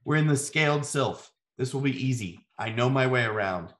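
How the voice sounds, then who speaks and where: A man voicing a quick-witted male guide who talks in a brisk hurry. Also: mid-range voice, animated, echoey room, close to an everyday voice. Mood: urgent.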